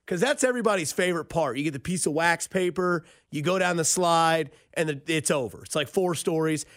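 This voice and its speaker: A man's voice: a little high, brisk, no room sound, clean studio sound. A man, hosting a late-night radio show and telling jokey stories with lots of energy. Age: 30s. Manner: animated storyteller, jokey, puts on voices. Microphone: studio microphone.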